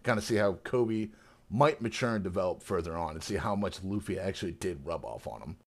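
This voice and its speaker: Slangy low-voiced man retelling with gusto. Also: brisk. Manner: animated retelling, swears freely, slangy. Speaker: podcast guest. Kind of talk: casual chat.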